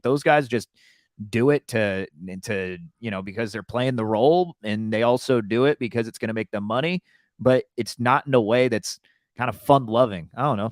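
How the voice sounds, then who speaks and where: A man's voice: mid-range voice, no echo, studio quality. A man co-hosting a podcast, rambling through casual sports chat with many restarts. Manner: rambling, lots of fillers and restarts. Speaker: podcast co-host.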